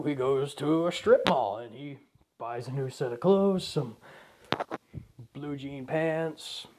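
A man's voice: a little high, background noise. A young man casually improvising a fan story, rambling with jokey asides.

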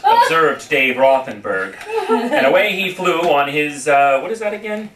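A man's voice: fairly high pitch, unhurried. A man reading a comic tribute story aloud at a family party, playful and often prompting the listeners to join in. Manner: lively, playful, breaks off to prompt the audience. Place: living room of a family home. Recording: roomy, distant, noisy home recording.

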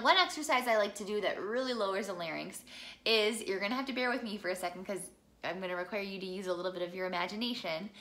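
A woman's voice: mid-range voice, bright, forceful tone. A young woman from the Midwest teaching a singing lesson, chatty and encouraging as she walks through vocal exercises. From American Midwest.

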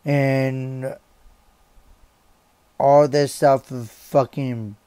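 Slow-talking angry young man ranting. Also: medium pitch, flat delivery, warm tone, smooth, no echo. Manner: swearing, halting, repeats himself. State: angry and upset. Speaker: vlogger. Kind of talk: angry rant to camera.

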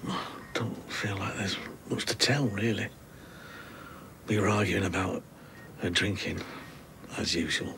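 An actor playing an injured, subdued husband in a TV soap drama, speaking weakly. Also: male voice, medium pitch, very animated, moderate pace, long pauses, sharp tone, in a whisper.

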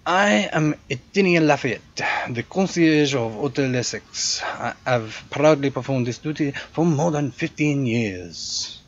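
A man's voice: medium pitch, animated, takes it slowly, lo-fi sound, pitched above the performer's own voice. A man doing a proud French concierge. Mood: formal, theatrical. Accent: put-on French. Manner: polite, theatrical, gleefully morbid. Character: fussy male French hotel concierge, proud and dutiful.

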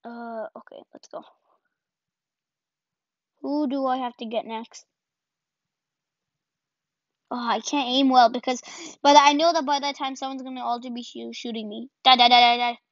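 A woman giving casual gameplay commentary as a channel host, excitable and self-deprecating, yelping and repeating words in bursts. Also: high-pitched, measured pace, pauses often, dry recording. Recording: dull lo-fi home recording.

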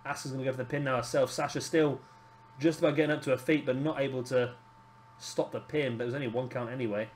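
A British man giving casual, excitable play-by-play commentary on a wrestling video game. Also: medium pitch, fast talker, slight background noise. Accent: British English. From Britain. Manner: excitable, calls near-falls with rising energy.

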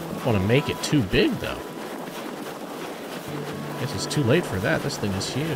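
A young man giving excitable, cursing let's-play commentary while thinking aloud. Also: medium pitch, moderate pace. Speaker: gaming channel host. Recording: game music behind.

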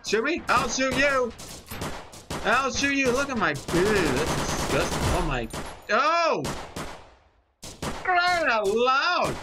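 A person in their twenties giving excited, rambling gameplay commentary, talking straight to viewers and poking fun at themselves. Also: mid-range voice, background noise. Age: 20s. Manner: rambling, animated, talks to viewers, self-mocking. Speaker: gaming commentator. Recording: loud game gunfire under the voice.

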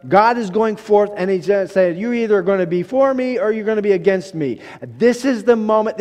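A man preaching a sermon, telling the story in an animated way, acting out quotes with frequent restarts. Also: high voice, long reverb tail. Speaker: pastor.

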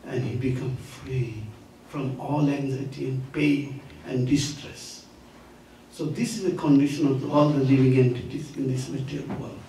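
A man preaching a sermon through a story, animated and often laughing as he tells it. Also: medium pitch, normal speed. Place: temple hall. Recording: echoey hall, distant mic, faint noise.

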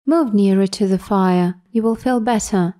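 A woman reading the lines of a kind, cheerful neighbor woman who fusses over a man, in a mellow voice. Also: mid-range voice, normal speed, natural voice. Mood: kind fussing.

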